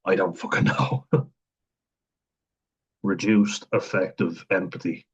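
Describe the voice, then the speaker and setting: A man talking casually to camera, thinking aloud with frequent chuckles and pauses. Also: deep voice, fairly even intonation, husky. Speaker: vlogger talking about autism. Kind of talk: casual unscripted monologue.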